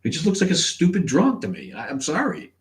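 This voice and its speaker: A man's voice: fairly high pitch, huge pitch swings, a little fast. A man hosting a casual livestream chat, sarcastic and profane, who laughs often. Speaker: podcast host.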